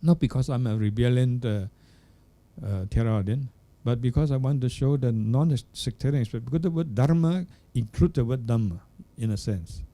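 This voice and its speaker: An elderly male Buddhist monk speaks slowly in a hall at a Buddhist centre, delivering a dharma talk. His warm voice is of medium pitch, and he stops now and then to search for words and to check on the audience.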